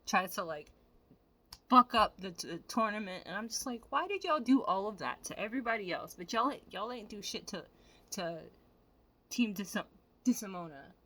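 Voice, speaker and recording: A woman vlogger giving animated, profane, casual commentary straight to her viewers. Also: medium pitch, moderate pace.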